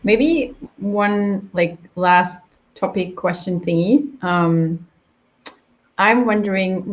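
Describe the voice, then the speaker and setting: Woman, podcast host, lower voice, dull lo-fi sound, rambling careful questions. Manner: thoughtful, rambling, many fillers. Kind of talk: casual interview question.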